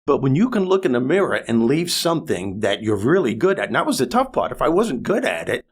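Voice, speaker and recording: A man in his sixties, a comedian and motivational speaker, telling a story as a guest in a podcast interview, animated and building to louder, faster peaks. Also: medium pitch, slightly rough.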